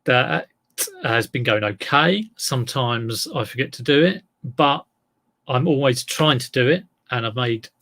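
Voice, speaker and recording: An English man with a mid-range, slightly bright voice talks at a measured pace in a casual vlog about his work as an online reseller. He rambles, wanders off topic, and pokes fun at himself.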